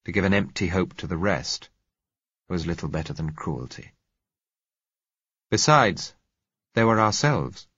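Deep, husky male audiobook narrator. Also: expressive, a bit bright, no room sound, lo-fi sound. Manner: measured, reflective first-person narration. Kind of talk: audiobook reading of a novel.

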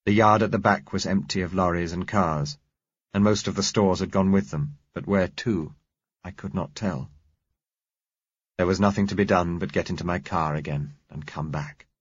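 A man narrating an audiobook in a measured, even, plain way. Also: sits low, husky, no echo. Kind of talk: scripted narration. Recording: dull lo-fi, dry.

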